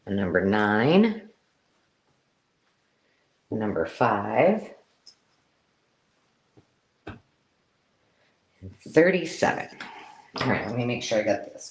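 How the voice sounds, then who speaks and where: A woman's voice: very deep voice, slow pace, long pauses. Chatty woman hosting a live craft sale. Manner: chatty and excitable, counting items aloud. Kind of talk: casual live-stream selling chat.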